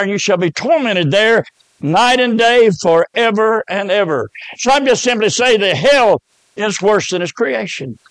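A man's voice: high-pitched, fairly bright tone, no room sound, poor audio. A man, preaching a revival sermon with fervent storytelling. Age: 70s.

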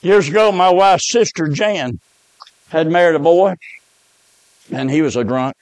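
A man preaching a fiery revival sermon, emphatic and rising to shouts on key words. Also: a little high, measured pace, no echo.

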